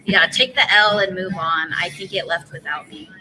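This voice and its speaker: A young woman comedian chatting casually as a podcast guest, animated and quick to laugh, swearing freely. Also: on the low side, crowd noise, poor audio.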